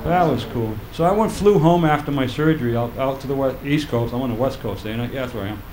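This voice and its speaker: A man's voice: medium pitch, quick pace. Older man doing stand-up, roomy club. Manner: deadpan storytelling with acted-out quotes. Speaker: stand-up comedian. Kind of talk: stand-up comedy set. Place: comedy club stage. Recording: roomy live club recording.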